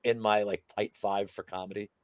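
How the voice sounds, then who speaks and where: A man's voice: lowish voice, flat delivery, moderate pace. A man co-hosting a betting show in casual chat, rambling with lots of fillers and restarts.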